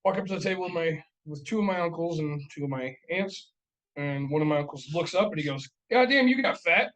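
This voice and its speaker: A man's voice: fairly high pitch, fast talker, low-quality recording. A man co-hosting a casual podcast, talking bluntly and profanely, rambling with lots of "like" and "right?". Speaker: podcast co-host.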